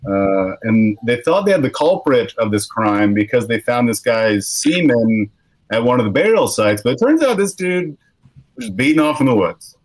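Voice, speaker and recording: A man's voice: mid-range voice, big pitch swings, moderate pace, no room sound, rough recording. A young adult man doing a rambling, self-deprecating stand-up set, telling awkward personal stories. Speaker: stand-up comedian.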